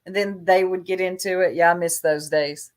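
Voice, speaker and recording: A woman's voice: on the low side, steady tone, moderate pace. A woman in casual livestream chat, gossiping in a chatty, catty, drawling way.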